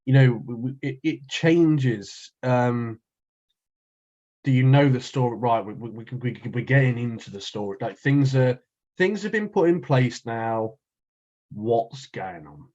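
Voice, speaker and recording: A man's voice: medium pitch, lively intonation, a little slow, darkish tone, muffled recording. A man co-hosting a podcast, rambling in casual chat and restarting his sentences often. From North East England. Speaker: podcast co-host.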